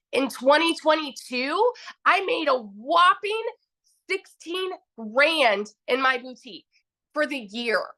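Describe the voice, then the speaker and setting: Gushing high-voiced woman with a bright tone. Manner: gushing, emphatic, repeats key phrases. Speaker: customer giving a testimonial. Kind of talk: excited personal success story.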